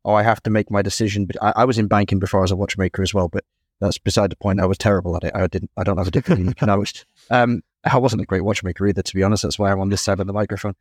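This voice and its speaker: Fast-talking excitable male podcast host. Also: low voice, no echo, clean studio sound. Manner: excitable, self-deprecating. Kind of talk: interview chat.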